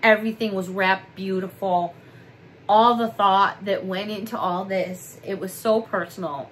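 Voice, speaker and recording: A woman's voice: medium pitch, fairly even intonation, a little slow, a little hiss or hum, poor audio. A middle-aged woman chatting at her desk at home in a haul vlog, gushing and emotional as she shows off gifts. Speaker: vlogger. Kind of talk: casual haul vlog chat.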